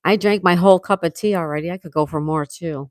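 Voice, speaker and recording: A woman with a sore throat hosts a relaxed morning livestream, greeting viewers by name and reading their comments aloud. Her voice sits a little low, and the sound is dry and close to the mic. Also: quick pace, no echo. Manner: chatty, reads out comments, frequent laughs. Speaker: livestream host reading chat. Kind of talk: casual live chat with viewers.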